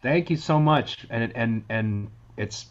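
A man's voice: medium pitch, highs cut off. A man from Massachusetts, a guest in a casual interview, talking earnestly with many restarts. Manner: earnest, halting, lots of restarts.

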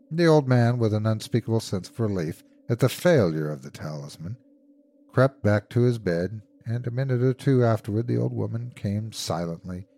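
Low-voiced male horror narrator. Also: warm tone. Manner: measured, suspenseful, dramatic. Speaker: horror podcast host and narrator. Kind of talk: dramatic horror story narration.

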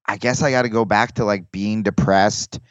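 A comedian guest talking in casual podcast chat, rambling with restarts and acting out quoted lines. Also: male voice, lowish voice, steady tone, normal speed, no echo, highs cut off.

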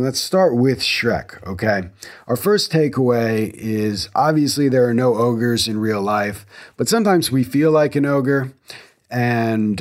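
Guy in his 30s doing a solo podcast from his garage, rambly and excited, mid-pitched voice. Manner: enthusiastic, rambling, self-correcting. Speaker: podcast host. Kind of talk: casual solo podcast talk. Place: home garage studio.

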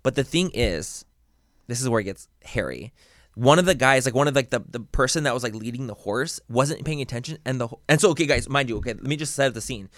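A young man talks fast in a casual podcast chat, swearing and piling on fillers as he rambles through a story. His voice sounds close and dry, with no room around it. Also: mid-range voice, lively intonation, fairly bright tone, no echo. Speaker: podcast co-host.

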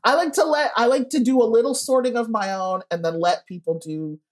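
A woman's voice: fairly high pitch, fairly quick. A woman guest speaking frankly in a casual interview, often acting out what people said to her. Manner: frank and candid, acts out quoted voices. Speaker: guest author.

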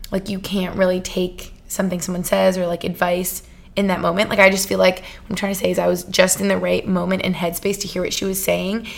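A woman's voice: mid-range voice, creaky. Twenties woman hosting her own podcast, chatty and gushing, full of "like," prone to tangents. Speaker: podcast host. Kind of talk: casual solo podcast chat.

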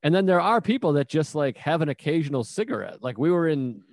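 A man's voice: fairly high pitch, animated, fairly quick, dry recording, clean studio sound. A man hosting a podcast, swearing freely and acting out quotes as he tells rambling stories in casual chat. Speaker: podcast host.

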